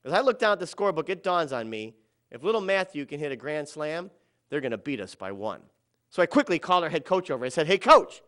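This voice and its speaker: A middle-aged man telling a personal story about a children's ball game, dramatic and quoting others in softer or louder voices. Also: a little high, big pitch swings, fast.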